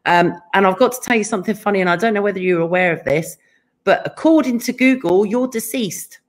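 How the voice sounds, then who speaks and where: A woman's voice: medium pitch, brisk. An English woman hosting a casual author interview, chatty and laughing often. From England. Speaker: podcast host interviewing an author. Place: California home.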